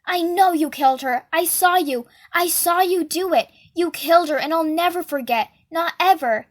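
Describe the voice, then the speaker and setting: Desperate scared teen boy, woman reading, yelling, high voice. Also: normal speed, dry recording, studio quality, natural voice. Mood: desperate shouting. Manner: desperate shouting. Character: desperate frightened teenage boy.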